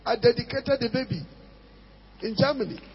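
Emphatic pastor in a hall. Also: male voice, very high voice, expressive, moderate pace, creaky, slight background noise. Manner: emphatic, repeats phrases, pidgin asides. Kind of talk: sermon. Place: church hall. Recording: dull sound with long hall reverb.

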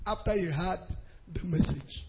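Man, pastor, fervent sermon, sing-song delivery, very high voice, slow and drawn out. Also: background noise. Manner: fervent, sing-song preaching with shouted hallelujahs; repeats phrases for emphasis.

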